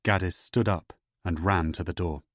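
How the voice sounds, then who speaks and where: Deep-voiced male audiobook narrator. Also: steady tone, normal speed, no room sound, clean studio sound. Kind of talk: scripted thriller narration.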